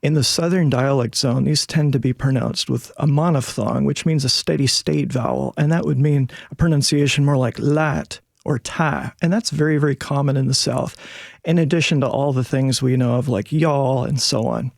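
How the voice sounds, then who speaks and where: A man's voice: mid-range voice, fairly even intonation, moderate pace, creaky, a little mellow, no room sound, studio quality. A male linguistics professor explaining things in a radio interview, with many fillers.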